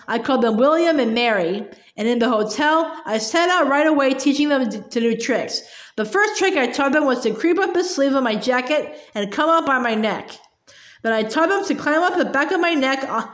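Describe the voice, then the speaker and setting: Woman reading a storybook aloud, halting. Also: high-pitched. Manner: halting, with frequent restarts and repeated words. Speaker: storybook reader. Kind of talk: reading a children's novel aloud. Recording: roomy echo.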